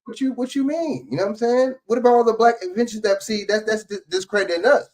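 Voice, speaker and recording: A man's voice: very high-pitched, fast talker, a little mellow, rough recording. A man co-hosting an online show, venting in frustrated casual commentary, often repeating "you know what I'm saying". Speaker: co-host.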